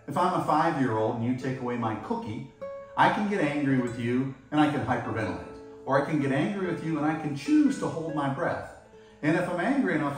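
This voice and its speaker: A middle-aged man, a martial arts instructor, giving an explanatory lecture on meditation and biology, often checking in with rhetorical questions. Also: mid-range voice. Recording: very echoey room, voice far from mic.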